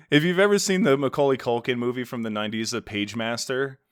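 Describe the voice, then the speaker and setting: Man, podcast co-host, rambling playful chat, mid pitch, dry close sound. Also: normal speed, fairly bright tone, clean tone, dry recording. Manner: rambling, playful, many restarts. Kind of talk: in-character casual chat.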